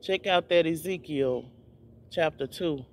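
In an informal video sermon, a high-voiced man preaches with passion at a slightly slow, somewhat mellow pace. He keeps looping back over his words, repeating phrases for emphasis and frequently starting over.

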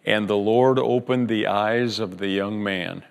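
A man preaching a sermon as pastor, telling a Bible story with lively acted-out lines, repeating words as he goes, and sinking into a hushed prayer. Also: measured pace, vocal fry. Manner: animated storytelling, acting out the scared servant in a high strained voice; drops to a hushed, low prayer.

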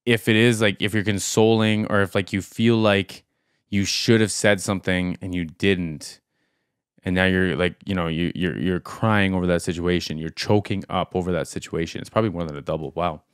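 A man's voice: low-pitched, steady tone, moderate pace, clear, resonant tone, no room sound, clean studio sound. A man hosting a music reaction video, talking casually and rambling aloud with lots of fillers as he thinks.

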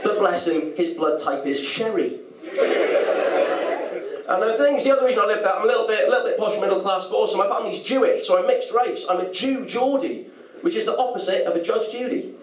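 Young man, high voice, slightly posh northern accent, deadpan stand-up, loud echoey pub room, heard from far off. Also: a little fast. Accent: slightly posh northern English. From North East England. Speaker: stand-up comedian. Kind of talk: stand-up comedy set. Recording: loud noisy roomy pub recording from afar.

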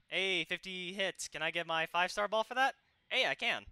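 A young man hosting his gaming channel, giving excitable live commentary on his own match and yelping and shouting at the action. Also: high-pitched, moderate pace, clear, resonant tone, dry recording, studio quality.

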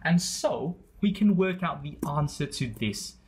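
A man's voice: a little high, animated, measured pace, a little mellow, husky. A man explaining a maths problem step by step, pointing at terms as he writes them. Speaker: maths tutor. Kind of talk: explaining maths while writing.

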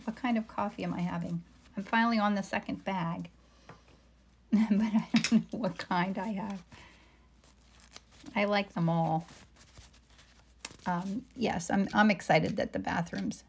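A woman's voice: medium pitch, unhurried, pauses often, slight background noise. A middle-aged woman chatting casually with viewers while she paints, reading their comments aloud and murmuring to herself as she works. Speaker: painter live-streaming a demo. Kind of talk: casual live-stream chat while painting.

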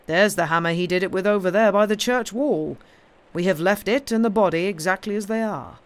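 A woman's voice: mid-range voice, a little fast, pitched above the performer's own voice, natural voice. A woman voicing a sensible police inspector. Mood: firm. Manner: matter-of-fact.

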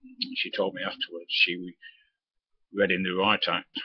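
A man's voice: sits low, fairly even intonation, moderate pace, husky, no room sound, muffled recording. An older man, bluntly telling stories from his trucking days and acting out the voices in them, with a lot of swearing. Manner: blunt, swears freely, acts out his own and others' lines. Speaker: retired lorry driver telling stories. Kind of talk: casual storytelling monologue.

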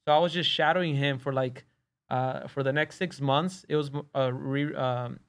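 A man's voice: mid-range voice, moderate pace, clear, resonant tone. A man, a real estate wholesaler guest on a podcast, telling stories in casual chat and acting out quoted dialogue. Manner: animated, acts out quoted dialogue. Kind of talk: casual storytelling.

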